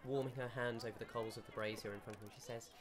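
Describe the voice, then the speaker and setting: A man narrating as game master of a tabletop game, in a measured, descriptive way. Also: medium pitch, fairly even intonation, crowd noise.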